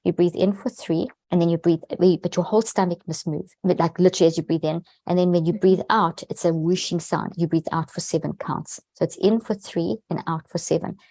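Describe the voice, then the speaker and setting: A woman with a lowish, mellow voice talks as a podcast guest. She explains things earnestly and lands hard on the words that matter. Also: fairly even intonation, a little fast, hardly any pauses, no room sound. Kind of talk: explaining in an interview.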